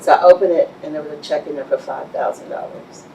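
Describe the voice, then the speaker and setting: A middle-aged woman, an animated storyteller who laughs often and acts out what people said, as an interview guest. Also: deep voice, fast, vocal fry, a little hiss or hum. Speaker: business owner guest. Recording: echoey room, mic far off.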